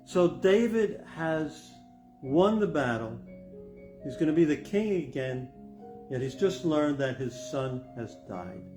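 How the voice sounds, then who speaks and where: A man's voice: a little high, expressive, takes it slowly, a little mellow. An older man, a pastor, preaching a sermon in an earnest, reflective way that builds to emphatic stress. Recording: music playing behind the voice. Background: guitar music.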